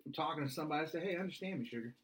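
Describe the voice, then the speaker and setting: Middle-aged male podcast co-host, slightly high-pitched, deadpan joker who quotes lyrics as answers. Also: very fast. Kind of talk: deadpan comedic chat quoting song lyrics.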